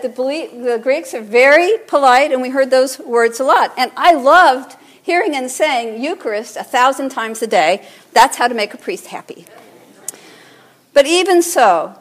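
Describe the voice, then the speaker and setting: A woman priest giving a sermon in a relaxed, conversational teaching manner, drawing the congregation in to repeat words. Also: on the high side.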